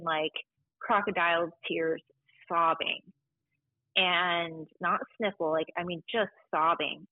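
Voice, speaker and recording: A woman who works at a library, telling stories casually in an interview, animated and full of quoted voices. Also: fairly low pitch, no room sound, phone-quality sound. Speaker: library staff member.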